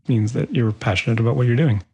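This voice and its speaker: A man's voice: medium pitch, fast talker, darkish tone, slightly rough. A man hosting a songwriting podcast, chatting casually and rambling with many restarts. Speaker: podcast host. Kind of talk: casual interview chat.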